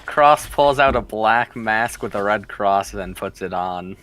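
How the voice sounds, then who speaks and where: A man playing a tabletop game, relaxed and quick to laugh. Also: on the low side. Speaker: player.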